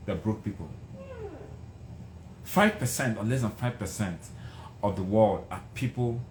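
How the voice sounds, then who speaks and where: A man giving a passionate motivational speech about success. He builds from low, measured lines to raised, emphatic ones. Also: darkish tone, a little hiss or hum. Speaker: motivational speaker. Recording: roomy echo.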